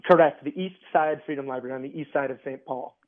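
An orchestra guest speaks quickly and fairly evenly in a mid-range male voice during a casual radio interview. He's chatty, with lots of fillers and restarts, and the line sounds tinny, like a phone.

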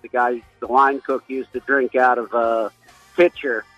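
A man's voice: medium pitch, flat delivery, a little slow, a bit bright, dry recording, soft background music. A male caller telling a short restaurant story to a radio host, plain and matter-of-fact. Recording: dull phone line.

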